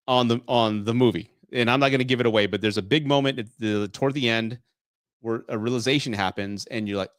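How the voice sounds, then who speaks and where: A man's voice: mid-range voice, a bit bright, no echo, studio quality. A man in his late forties from Texas, hosting a casual live stream Q&A, swearing freely and laughing often. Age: 40s. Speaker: host.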